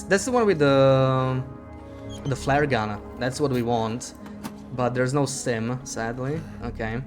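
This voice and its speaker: Chatty male streamer, mid-pitched voice. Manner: chatty, reads chat aloud, self-deprecating laughs. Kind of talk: casual live-stream chat while gaming.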